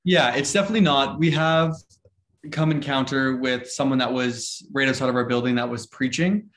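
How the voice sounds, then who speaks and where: A young man talks casually and openly, laughing often and slipping into brighter voices when he quotes people. His voice sits in the middle range. The sound carries a roomy echo. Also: mid-range voice, moderate pace. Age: young adult. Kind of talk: casual chat.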